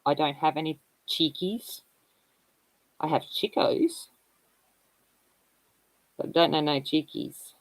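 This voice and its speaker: A woman's voice: low voice, slow, pauses often, no room sound, poor audio. A woman in her forties chatting casually as she hosts a colouring stream, telling rambling, candid stories and laughing often. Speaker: colouring livestream host. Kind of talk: casual chat.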